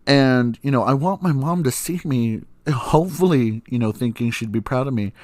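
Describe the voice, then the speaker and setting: A man's voice: medium pitch, expressive, normal speed, darkish tone, no echo. A young man hosting a podcast, telling stories casually with frequent laughs and swearing. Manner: profane, laughs often, acts out voices in quotes. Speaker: podcast host. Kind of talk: casual storytelling monologue.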